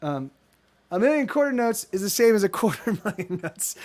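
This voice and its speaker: A man's voice: high-pitched, sing-song, normal speed, a little mellow. A man who streams music live, chatting to viewers in a rambling, self-interrupting way between songs he plays and sings. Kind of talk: live-stream chat and singing to guitar. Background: guitar.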